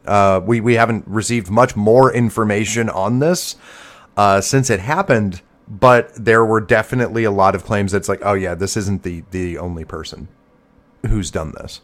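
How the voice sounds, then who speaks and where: A man's voice: on the low side, moderate pace. A man with a Midwestern accent co-hosting a podcast, chatting casually with lots of laughter and sarcastic jokes. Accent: Midwestern American. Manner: laughs often, jokey and sarcastic. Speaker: podcast co-host. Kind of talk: casual chat.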